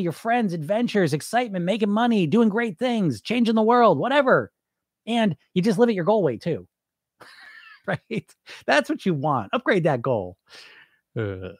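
A man's voice: sits high, animated, moderate pace, no echo, studio quality. A man hosting a weight loss podcast, talking bluntly and emphatically, often laughing and mimicking what dieters say. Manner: blunt and emphatic, with frequent laughs and mock-quoted voices. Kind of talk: casual podcast monologue.

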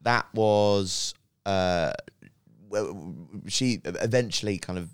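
Man, very low voice, smooth resonant tone, comedian guest, rambling anecdote, dry studio sound. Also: takes it slowly, dry recording. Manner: rambling, hesitant with many fillers. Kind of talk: casual storytelling chat. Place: podcast studio.

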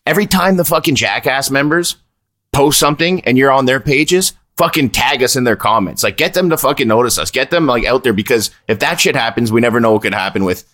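A man's voice: mid-range voice, brisk. A man co-hosting a podcast in casual chat, rambling and swearing as he tells stories. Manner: rambling, profane, animated storyteller. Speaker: podcast co-host.

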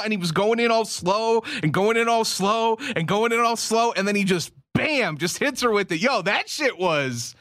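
A man co-hosting a sports radio show, chatting casually, animated and laughing often. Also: high voice, moderate pace, few pauses, no room sound, studio quality.

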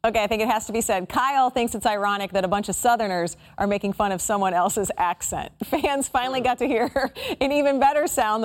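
A woman hosting a racing show, giving brisk, polished segment links. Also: on the high side. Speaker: show host. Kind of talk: studio hosting.

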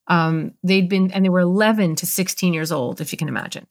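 A woman's voice: fairly low pitch, fairly quick. A woman in her fifties, a guest expert on a podcast, telling a story from her career in an earnest, heartfelt way. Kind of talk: interview storytelling.

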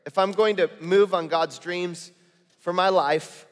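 A man's voice: sits high, steady tone, measured pace, long reverb tail. A male pastor preaching a sermon, reading scripture aloud with conversational, joking asides.

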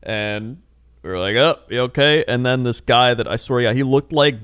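A man's voice: medium pitch, moderate pace, fairly bright tone, clear, resonant tone, dry recording, clean studio sound. A young man chatting casually on a podcast, telling stories with laughs and acting out the people in them. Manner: laughing storyteller, acts out quoted people. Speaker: podcast co-host. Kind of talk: casual chat.

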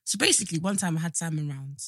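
A young woman co-hosting a chatty podcast, with a husky yet bright, forceful tone. She tells stories with energy and acts out every quoted line. The recording is dry and close. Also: sits low, quick pace, no room sound. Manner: animated storyteller who acts out quoted dialogue. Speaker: podcast co-host. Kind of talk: casual chat.

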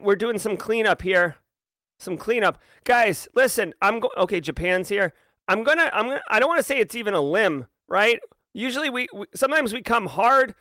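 A man hosting a live show, giving playful, rapid shout-outs to viewers. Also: high-pitched, no room sound, clean studio sound. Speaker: livestream host.

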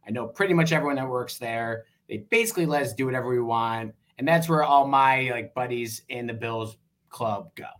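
A man with a Western New York accent, chatting casually as a fan club president on a podcast, relaxed and quick to laugh. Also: medium pitch. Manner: relaxed, laughs easily, many fillers.

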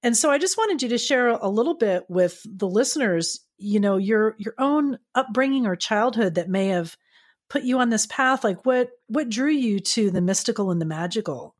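A woman's voice: a little high, animated, normal speed. A woman hosting an interview, chatty and enthusiastic, often restarting her sentences. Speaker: podcast host. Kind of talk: interview conversation.

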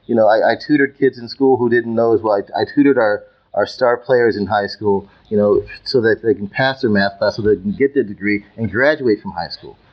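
Podcast guest: man, lowish voice, emphatic, restarts his phrases, slightly muffled audio. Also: brisk, hardly any pauses. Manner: emphatic, repeats words while finding his point. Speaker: guest, youth coach. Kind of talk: conversational podcast interview.

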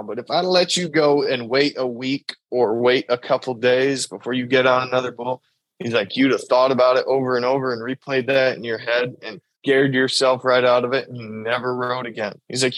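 A man's voice: medium pitch, a bit bright, no echo, poor audio. A man who rides bulls, telling stories casually in an interview and acting out what others said. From New York state. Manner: drawn-out storytelling, acts out quoted dialogue. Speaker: bull rider guest.

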